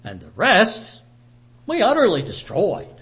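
Man reading as a boastful old-world king who justifies himself at length, in a voice that jumps higher and louder than his usual talk. He insists on his own case with a lively, rising delivery. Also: unhurried, exaggerated voice. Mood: defensive. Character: ancient male king, proud and defensive.

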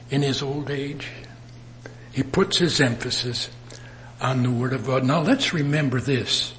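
A man preaching a sermon in an earnest manner, with emphatic rises and soft drops. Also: mid-range voice, slight background noise. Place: assembly worship.

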